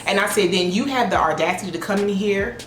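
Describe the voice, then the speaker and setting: A woman hair stylist telling a story at home in a sassy, blunt, animated way. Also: mid-range voice, quick pace, slight background noise. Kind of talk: casual storytime vlog. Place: her home. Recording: echoey room with faint music.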